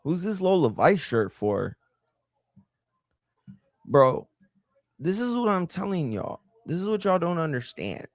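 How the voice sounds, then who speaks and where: A man hosts a wrestling live stream in a profane, heated rant. His voice leaps between high, loud outbursts and low grumbling asides, and it sits a touch high for a man. The sound is close and dry, with no room echo. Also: big pitch swings, a little slow, pauses often. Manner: profane, heated, swings from shouting to muttering. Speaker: livestream host. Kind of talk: ranting live-stream commentary.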